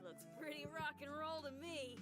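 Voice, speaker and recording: A woman's voice: high voice, fairly even intonation, moderate pace, lightly acted. An actress voicing a brash, eager young adventurer woman in a video game, with short punchy battle lines. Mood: upbeat. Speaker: game character. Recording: game audio under loud music.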